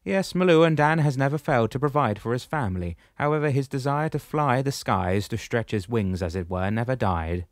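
A man puts on a wise old shepherd with a raised, carrying voice that sounds calm and patient as he lectures. He lays each point out gently for the younger ones, in a dry, close audiobook recording. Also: medium pitch, fairly quick, few pauses, no room sound, pitched above the performer's own voice, lightly acted. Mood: calm explaining.

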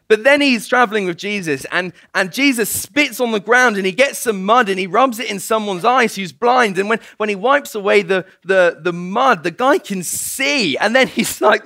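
Lively storytelling man preaching. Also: sits high, normal speed, no room sound. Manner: storytelling, animated, laughs often. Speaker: guest preacher. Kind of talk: sermon.

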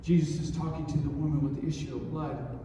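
A male pastor preaching a sermon, swinging between soft and loud, often repeating key phrases for emphasis. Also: on the high side, little pitch movement, quick pace, noisy background. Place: church sanctuary. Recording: echoey church hall, mic at a distance.

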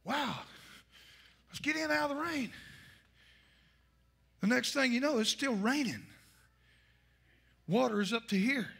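A male pastor, preaching a fiery sermon and shouting his points. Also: extremely high pitch, lively intonation, a little slow, vocal fry, long pauses, breathy edge.

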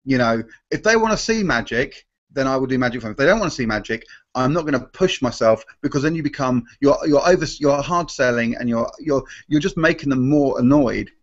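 A man's voice: mid-range voice, lively intonation, a little fast, hardly any pauses, muffled recording. A man, a magician guest in a live Q&A, talking animatedly and restarting his sentences often. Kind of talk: live Q&A chat.

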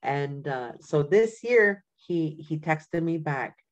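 A woman's voice: low voice, animated, slow pace. An older woman from Canada, an elder giving an informal teaching talk in a storytelling way, often checking in with "right?" and "you know". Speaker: community elder.

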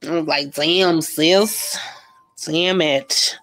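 A woman's voice: low voice, extremely slow. A young woman, chatting and gossiping casually while she paints live, slangy and laughing often. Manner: slangy, laughs a lot, animated storytelling. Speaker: art vlogger painting live.

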